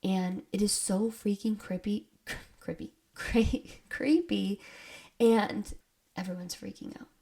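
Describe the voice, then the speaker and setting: A woman hosting a podcast, retelling ghost-hunting stories in a casual, excitable way with frequent laughs. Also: mid-range voice, takes it slowly, gravelly. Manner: excitable, giggly, says "creepy" a lot. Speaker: podcast host.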